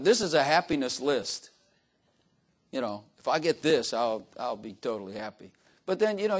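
An older man preaching an informal sermon, folksy and joking, often turning to the congregation with "Amen?". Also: a little high. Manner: folksy, joking asides, frequent "Amen?" to the crowd.

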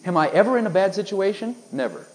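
A man's voice: high voice, animated, fast, poor audio. A man preaching a sermon, emphatic and full of rhetorical questions aimed at his listeners.

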